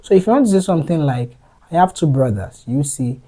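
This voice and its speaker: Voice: medium pitch, animated, a little fast, mellow, low-quality recording. A French teacher giving a patient language lesson, explaining step by step and repeating each phrase.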